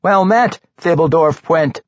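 A man voicing a nervous, frightened male halfling in an audiobook, his voice pushed high and pleading. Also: measured pace, a little mellow, no room sound, muffled recording, natural voice.

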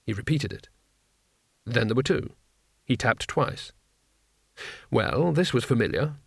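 A man reading an audiobook in a wry, expressive narration. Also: mid-range voice, unhurried, gravelly, breathy edge, dry recording, clean studio sound. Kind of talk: scripted narration.

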